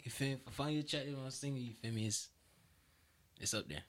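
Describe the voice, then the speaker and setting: A young man in casual chat, relaxed, often trailing off mid-thought. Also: mid-range voice, quick pace, slight background noise. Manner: relaxed, keeps saying "you feel me", trails off.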